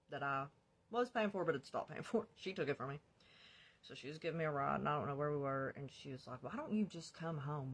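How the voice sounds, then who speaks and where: A woman vlogger telling her own life story in a blunt, confessional storytime, swearing freely. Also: low voice. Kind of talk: candid storytime.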